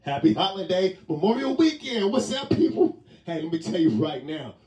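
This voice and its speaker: A man's voice: high-pitched, very animated, moderate pace, darkish tone. A man giving a casual comedic monologue from home, rambling, joking, laughing often and swearing casually. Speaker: vlogger. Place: indoors at home. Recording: roomy sound from a distant mic.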